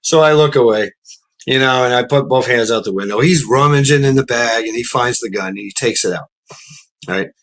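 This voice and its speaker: A man's voice: mid-range voice, a little fast. A man, telling a story in a profane, rambling way and often repeating words. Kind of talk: casual storytelling.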